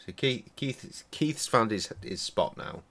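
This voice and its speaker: A man's voice: on the low side, lively intonation, slow pace, creaky, a bit bright. A man chatting and swearing casually while streaming a game and tending to his dogs. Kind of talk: casual live-stream commentary.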